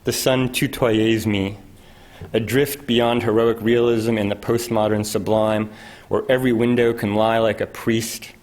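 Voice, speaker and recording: A man's voice: fairly low pitch, a little mellow. A man, a poet, reading his own poems at a university event with a dry, wry delivery. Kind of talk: poetry reading.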